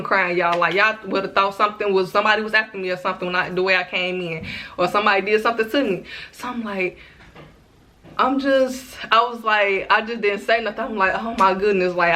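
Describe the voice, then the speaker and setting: A bright, crisp-toned young woman in her twenties tells a personal story in a casual vlog. She talks in an animated, chatty way and keeps turning to her viewers. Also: mid-range voice. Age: 20s. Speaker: vlogger.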